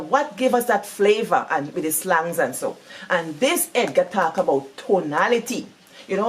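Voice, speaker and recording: A woman with a Guyanese Creole accent, talking through a book in a casual, animated way and repeating words for emphasis. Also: medium pitch. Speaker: book reviewer.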